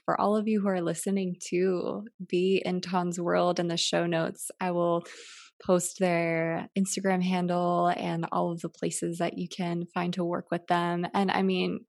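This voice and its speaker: A woman's voice: lowish voice, little pitch movement, unhurried, vocal fry, a little mellow, no room sound, studio quality. A woman hosting a podcast from her home, talking in a gushing, casual way, swearing freely and calling her listeners y'all. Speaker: podcast host.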